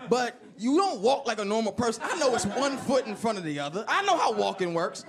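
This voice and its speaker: A man performing a stand-up comedy set, telling stories with animated delivery, loud bursts and acted-out voices. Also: sits high, fairly quick, a crowd in the background. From Chicago. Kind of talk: stand-up set before a live audience. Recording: live club set with audience laughter.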